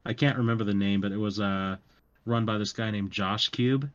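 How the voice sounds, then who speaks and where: A man with a fairly low voice talks in a loose, rambling way, full of fillers and self-mocking asides. The recording sounds a little dull and lo-fi. He sounds like a young adult chatting on a podcast. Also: fairly even intonation, moderate pace. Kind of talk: casual chat.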